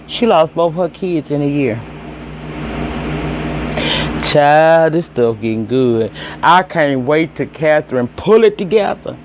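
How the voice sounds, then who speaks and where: A man's voice: on the high side, slight background noise. Chatty Southern man recapping a TV episode. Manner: chatty, profane and emphatic, talks straight to viewers. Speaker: TV episode reviewer. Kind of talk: casual recap and commentary.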